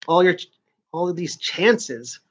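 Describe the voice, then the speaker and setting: A man's voice: high voice, lively intonation, a little slow. A man in his forties with a New York accent, chatting casually to viewers on a live stream, rambling and stop-start. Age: 40s. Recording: dull lo-fi stream audio.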